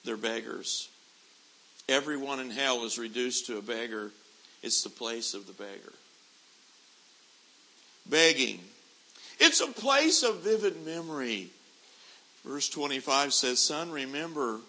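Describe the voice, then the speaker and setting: A middle-aged man preaching a sermon, moving from quiet storytelling to loud, shouted preaching. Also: mid-range voice, slight background noise, low-quality recording. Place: church convention hall.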